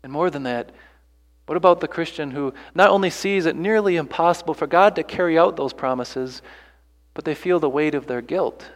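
A man's voice: on the high side, moderate pace, big-room sound. A man preaching a sermon earnestly, pressing his listeners with rhetorical questions and repeated phrases. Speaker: pastor.

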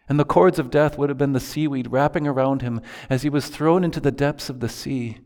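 A man's voice: medium pitch, fairly quick, few pauses, darkish tone. A male pastor preaching a sermon in an earnest manner, quoting prayers from scripture.

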